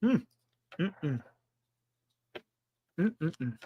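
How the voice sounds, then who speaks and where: A man hosts a casual sports talk stream, rambling through the standings and answering his chat with a sarcastic edge. His voice sits high and swings widely in pitch as he talks. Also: sing-song, extremely slow, husky, muffled recording. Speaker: sports talk show host.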